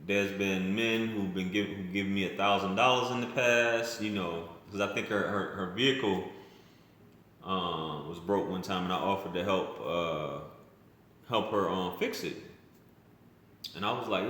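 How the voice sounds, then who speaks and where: A man's voice: deep voice, measured pace, fairly bright tone. A man telling a personal story in a casual vlog, blunt and rambling, often restarting his sentences and using slang. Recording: very echoey room.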